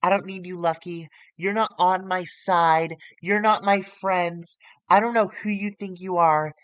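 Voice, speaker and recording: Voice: mid-range voice, fairly even intonation, a little slow, a bit bright, clean tone, no room sound, dull audio, lightly acted. A streamer voicing a brash, rude male wrestler who rejects any help, in a casual quote during a game stream. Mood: scornful. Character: brash wrestler, adult man, rude and self-reliant.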